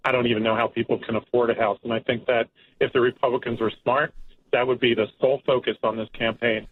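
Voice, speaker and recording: A man's voice: medium pitch, flat delivery, quick pace, husky. A married man calling in to a radio show, plain-spoken and frustrated. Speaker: caller. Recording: tinny phone line with faint noise.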